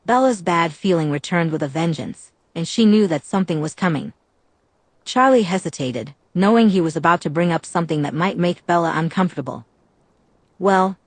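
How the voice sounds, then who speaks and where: A woman narrating a fan-fiction audiobook in a steady, even reading. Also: on the low side, no room sound.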